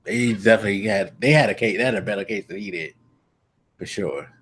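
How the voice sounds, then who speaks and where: A man's voice: fairly low pitch, brisk, a bit bright, husky. A man hosting a podcast, chatting casually with teasing, laid-back banter. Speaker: podcast host. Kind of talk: casual chat.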